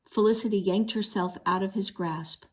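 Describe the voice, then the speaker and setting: A woman reading a children's book chapter aloud, expressive, with a few small slips. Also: medium pitch, normal speed. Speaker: read-aloud narrator. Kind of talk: storybook read-aloud.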